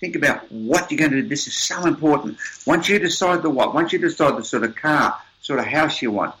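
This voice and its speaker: Emphatic older man with a bright voice. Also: on the high side, animated, fairly quick, a little hiss or hum, poor audio. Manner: emphatic, repeats words, upbeat. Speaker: interview guest. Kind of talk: motivational storytelling.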